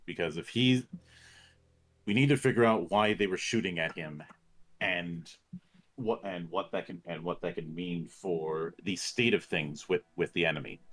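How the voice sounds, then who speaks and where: A man with a fairly low voice narrates a tabletop game as its game master. He talks in halting bursts, restarting phrases as he goes. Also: a bit bright.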